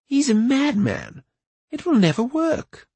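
A man voicing an excitable male bard in an audiobook, with a husky, breathless manner and a pitch raised above his own narration. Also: takes it slowly, no room sound, exaggerated voice. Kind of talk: audiobook character voice.

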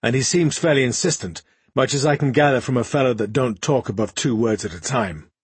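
A man's voice: medium pitch, a little fast, slightly rough, dry recording. A man doing an older, folksy sergeant. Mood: earnest. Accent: rustic regional lilt of the story world. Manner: plain, folksy, earnest. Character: older male soldier sergeant, plain-spoken.

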